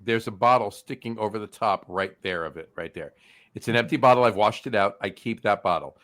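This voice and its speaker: A man's voice: lowish voice, fairly quick, a bit bright. A man co-hosting a casual podcast, easygoing and telling anecdotes with frequent restarts. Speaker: podcast co-host.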